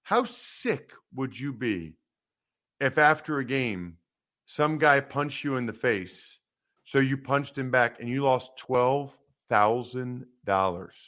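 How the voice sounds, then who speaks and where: A man hosting a sports talk show, giving emphatic, animated opinions on football news and teasing his co-host. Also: medium pitch, slow pace.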